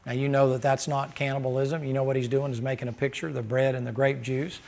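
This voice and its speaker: A man preaching a sermon in a folksy, joking way, breaking into loud laughing bursts. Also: medium pitch, little pitch movement, fast talker, creaky.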